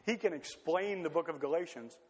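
A man preaching a sermon in a lively, conversational way, full of rhetorical questions. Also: fairly high pitch, fairly quick, breathy edge. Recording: long hall reverb.

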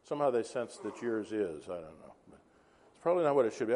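A man's voice: fairly low pitch, very animated, fast, a little mellow, a little hiss or hum. A man preaching a sermon, telling a story and acting out the dialogue. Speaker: pastor. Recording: reverberant hall.

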